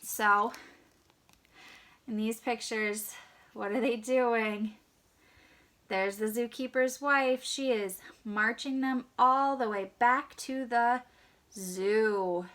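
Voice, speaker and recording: A woman reading a picture book aloud to young children, asking them gentle questions and sometimes dropping to a hushed whisper. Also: on the high side, fairly even intonation, takes it slowly, pauses often. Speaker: children's story reader.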